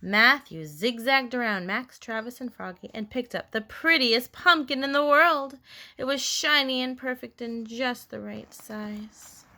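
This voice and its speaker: A woman reads a children's picture book aloud, expressive and playful with her sound effects. Her voice is bright and a little high, and she reads at an unhurried pace. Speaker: storybook reader. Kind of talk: children's story read-aloud.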